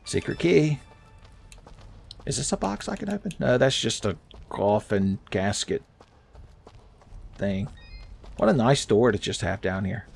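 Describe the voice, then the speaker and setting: A man's voice: gravelly, husky, faint music behind. Joking man voicing game commentary. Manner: joking, quick pitch jumps when excited. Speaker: let's play host. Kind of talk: casual gameplay commentary.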